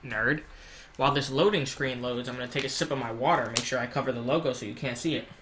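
A young man giving casual, rambling gameplay commentary at home, swearing freely and yelling in panic when things go wrong. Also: medium pitch, steady tone, fast talker, background noise. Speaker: gaming YouTuber.

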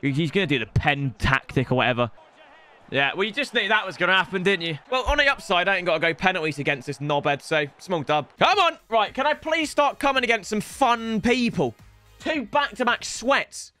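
A young man commentates on his football game in a loud, joking way, swearing freely. His voice sits high and bright and swings widely in pitch. Faint music plays under him. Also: animated, a little fast. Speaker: gaming YouTuber. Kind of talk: energetic gameplay commentary.

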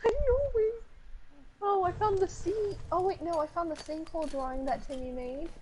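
A woman's voice: very high voice, steady tone, brisk, a little mellow. A young woman chatting casually while playing a game with a friend, teasing and mixing in Spanish phrases. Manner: teasing, laughs a lot, drops Spanish phrases. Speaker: gamer. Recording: noisy live stream audio.

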